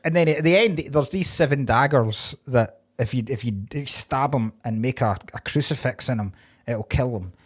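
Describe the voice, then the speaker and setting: Co-host, man, middle pitch, loose comedic film recap, foul-mouthed. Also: normal speed. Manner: retells film plot loosely, swearing freely. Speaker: podcast co-host. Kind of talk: casual comedic chat.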